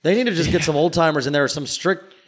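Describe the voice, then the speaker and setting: A man co-hosting a sports podcast in casual chat, rambling and packing his talk with "like". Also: a little high. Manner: rapid, rambling, fills with "like". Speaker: podcast co-host.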